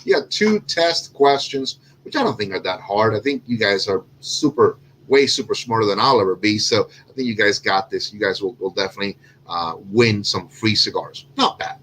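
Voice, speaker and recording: A man's voice: on the low side, lively intonation, moderate pace, a bit bright, a little hiss or hum, rough recording. A man from Cuba hosting a casual cigar show, rambling and correcting himself with lots of fillers. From Cuban. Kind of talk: casual chat.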